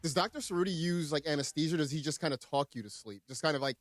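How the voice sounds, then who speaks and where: A man co-hosting sports radio, joking in animated banter. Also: on the high side, fast talker, no echo. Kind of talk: casual sports talk chat.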